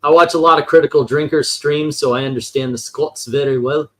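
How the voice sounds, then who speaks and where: A man's voice: fairly high pitch, fairly even intonation, brisk. A man hosting a casual group chat, rambling and joking and laughing often. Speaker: host.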